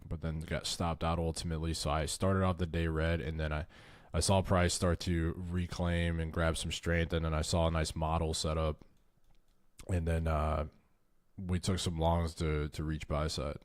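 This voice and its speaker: Very deep-voiced man explaining stock charts. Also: level tone, moderate pace, dry recording, studio quality. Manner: loose, swears, restarts and stumbles over words. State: tired, short on caffeine. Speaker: trading stream host. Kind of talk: casual livestream chart walkthrough.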